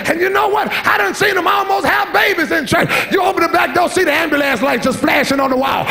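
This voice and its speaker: A middle-aged pastor preaching a sermon in a church, folksy and fiery, shouting one moment and dropping low and teasing the next. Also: male voice, fast talker, gravelly, few pauses, a little hiss or hum. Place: church sanctuary.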